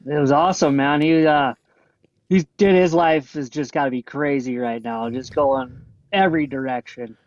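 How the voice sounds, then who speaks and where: A man's voice: medium pitch, steady tone, normal speed, dry recording. A man co-hosting a casual sports podcast, speaking in a laid-back, easygoing way. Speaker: podcast co-host. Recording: dull, dry lo-fi sound.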